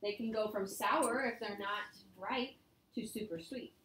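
A woman's voice: mid-range voice, unhurried, a bit bright. A woman teaching a Spanish lesson, explaining grammar step by step and mixing English with Spanish words. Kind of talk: online class lesson.

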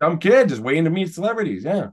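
A Canadian celebrity YouTuber in his forties guests on a podcast, rambling through stories in casual chat with restarts and chuckling asides. His voice is a little high and breathy-edged, swinging widely in pitch as he talks fast.

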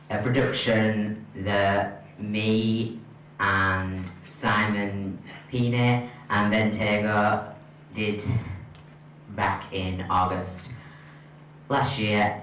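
A man's voice: fairly low pitch, fairly bright tone, slight background noise. A man introducing his own film to an audience in an informal, hesitant way, with frequent ums. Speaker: filmmaker introducing his trailer. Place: large event hall. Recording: echoey hall from far off.

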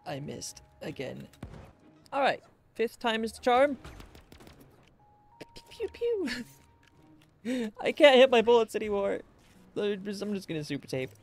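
A man giving let's-play commentary, excitable, gasping and talking to himself as he plays. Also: high voice, moderate pace, soft background music. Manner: excitable, gasps and talks to himself. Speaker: gaming YouTuber.

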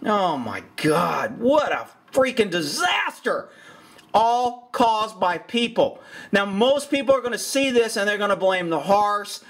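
A man's voice: high-pitched, sing-song, measured pace, a bit bright. A man giving blunt, exasperated commentary over a video, swearing often. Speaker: horse trainer and commentator.

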